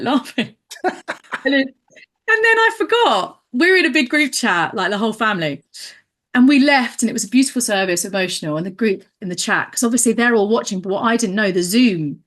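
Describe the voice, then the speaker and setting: A woman, an actress and comedian, telling comic stories in a casual chat, acting out her quotes and laughing often. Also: fairly high pitch. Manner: animated storyteller, acts out quotes, laughs often.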